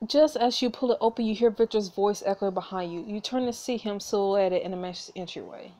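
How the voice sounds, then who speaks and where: A woman hosting a story game playthrough, reading the text aloud and reacting with animated, outraged asides. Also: mid-range voice, a little fast. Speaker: gameplay host.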